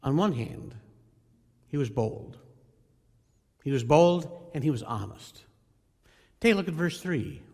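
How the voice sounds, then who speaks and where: A man's voice: a little high, lively intonation, slow pace, long pauses, darkish tone, slightly rough. A male pastor preaching a sermon in an earnest, emphatic way, often addressing the congregation as folks. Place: church sanctuary. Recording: reverberant church hall.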